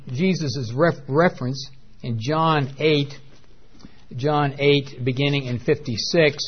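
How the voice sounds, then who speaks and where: A man teaching from the Bible in a sermon, pausing often with fillers and pressing hard on key words. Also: on the high side, highs cut off. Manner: hesitant with many fillers, emphatic on key words. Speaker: preacher.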